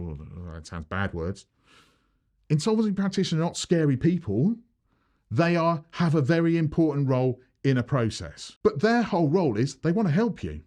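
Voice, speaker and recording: Lively man giving business advice. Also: a little high. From United Kingdom. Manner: animated, acts out little dialogues with changing voices. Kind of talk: direct-to-camera advice video.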